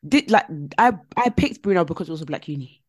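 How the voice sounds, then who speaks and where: A woman co-hosting a podcast, chatting casually and telling stories with animated, emphatic repetition. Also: fairly low pitch, fast, slightly rough, no room sound, clean studio sound. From Nigeria. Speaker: podcast co-host. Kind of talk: casual chat.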